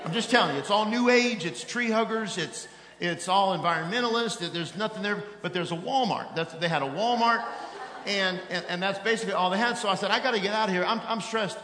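A middle-aged man preaching as an evangelist, telling a story in an animated, self-mocking way that swings from loud exasperation to hushed tones. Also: high voice, brisk. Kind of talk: sermon storytelling. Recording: echoey hall with long reverb.

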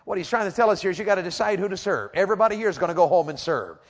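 A middle-aged man preaching a lively sermon, telling a story, acting out voices and asking the congregation questions. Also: sits high, racing, long reverb tail. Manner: animated storytelling, acts out voices, rhetorical questions. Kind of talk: lively sermon with audience call-outs.

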